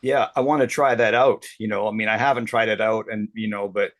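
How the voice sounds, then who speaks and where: A man's voice: fairly low pitch, fairly even intonation, brisk, a bit bright. A man interviewing a guest, with brief and casual remarks. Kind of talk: interview questions.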